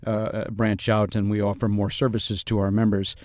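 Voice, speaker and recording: A man playing an earnest, deadpan Cold War reenactor who talks haltingly with many pauses in a mock interview. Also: on the low side, no echo, clean studio sound, lightly acted. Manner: halting, full of uhs, deadpan. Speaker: interview guest.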